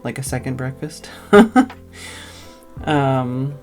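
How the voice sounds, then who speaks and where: A woman's voice: rumbling low, expressive, drawn-out words, faint music behind. A tired woman streamer telling a long, casual story, rambling and full of "like" fillers.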